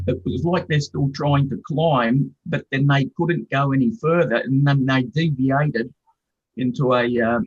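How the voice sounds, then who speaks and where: An Australian man calls in to a show, rambling in a friendly, hesitant way full of ums. His line sounds dull and lo-fi, and his pitch is ordinary. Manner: chatty, hesitant, lots of ums. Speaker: caller. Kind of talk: casual call-in chat. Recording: dull lo-fi call audio.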